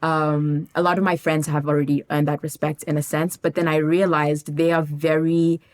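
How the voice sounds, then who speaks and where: A woman from South Africa chatting casually on a podcast, telling stories with lively, acted-out quotes. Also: sits low, normal speed. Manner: animated storytelling, acts out quoted people. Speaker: podcast guest.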